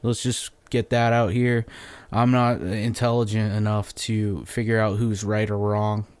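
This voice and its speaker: A man's voice: lowish voice, little pitch movement, measured pace, a little mellow, clean tone, no room sound. A man hosting a solo podcast, telling a story in a rambling, profane, off-the-cuff way, a little phlegmy. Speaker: podcast host.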